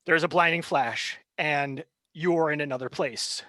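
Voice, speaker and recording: A man narrating a tabletop game as game master, brisk and relaxed, with fillers. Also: fairly high pitch, dry recording.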